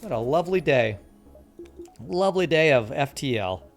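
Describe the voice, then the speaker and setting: A man's voice: fairly high pitch, animated, normal speed, vocal fry, soft background music. Cheery mock-polite male game streamer. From Canada. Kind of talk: live game commentary reading chat.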